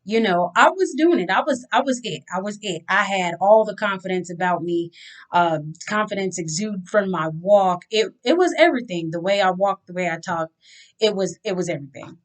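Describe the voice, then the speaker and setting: A woman recounting a personal story straight to her viewers, chatty and unhurried. She drops into the voices of the people in her story as she tells it. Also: medium pitch. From Louisiana. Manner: chatty, animated retelling with acted-out dialogue. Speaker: vlogger. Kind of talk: candid storytelling to camera.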